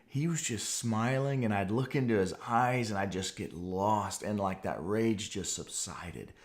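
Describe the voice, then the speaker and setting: A man in his forties with a fairly low voice tells a personal testimony on a podcast. He speaks earnestly and with animation, like someone reliving what happened to him. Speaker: podcast host.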